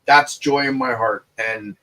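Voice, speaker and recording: A man, an inventor, talking in a relaxed group video chat, animated and quick to laugh and swear. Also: medium pitch, a little hiss or hum. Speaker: inventor and show guest.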